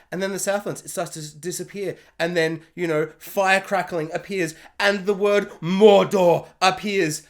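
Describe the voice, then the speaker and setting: A man's voice: high voice, steady tone, moderate pace, hardly any pauses. A man giving an exasperated, self-mocking rant in a video review, breaking into laughter often. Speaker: show reviewer.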